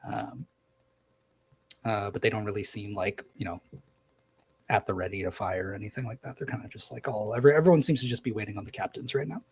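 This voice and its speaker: A man's voice: lowish voice, steady tone, quick pace, darkish tone, slight background noise, rough recording. A man narrating as game master in a casual tabletop session, with lots of fillers.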